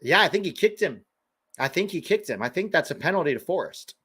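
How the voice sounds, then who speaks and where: A man's voice: sits high, sing-song, a little fast, bright, forceful tone, slightly rough. Chatty American man riffing on soccer. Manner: chatty, sarcastic, riffs between live match reactions. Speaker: watch-along host. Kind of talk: casual live match watch-along commentary.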